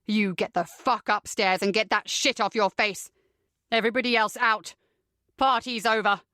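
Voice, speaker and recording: A woman's voice: medium pitch, fairly even intonation, moderate pace, fairly bright tone, no echo, studio quality, pitched below the performer's own voice, natural voice. A woman voicing an angry young man who gives curt, snarling orders in an audiobook. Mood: furious. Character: furious young man, commanding and harsh.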